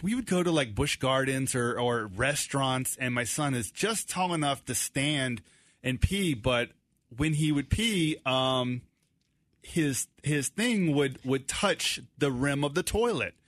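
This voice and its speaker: A man in his thirties, co-hosting a casual chat, animated and laughing often. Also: medium pitch, a little slow, dry recording. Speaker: co-host.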